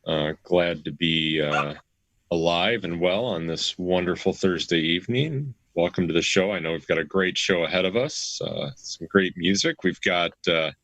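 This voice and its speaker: A man's voice: low-pitched, moderate pace, a bit bright, no room sound. A man who founded a parents' group, greeting the audience on a live talk show in an upbeat, chatty way.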